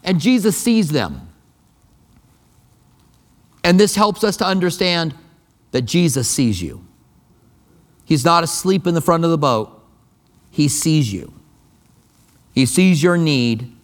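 A man's voice: on the high side, sing-song, slow pace, long pauses. A pastor preaching a sermon in a conversational, emphatic way, often repeating his key phrases. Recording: long reverb of a large hall.

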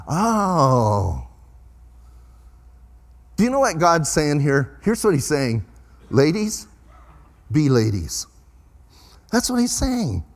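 A man's voice: a little high, big-room sound. A middle-aged man preaching a sermon as pastor, in a folksy, conversational way with emphatic rises.

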